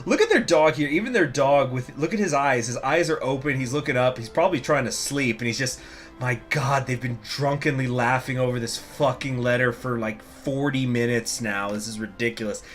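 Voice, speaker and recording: At a moderate pace and medium pitch, a man hosts a strategy game video for his gaming channel. His talk is loose and jokey, full of fillers, and he reads event text aloud as he goes.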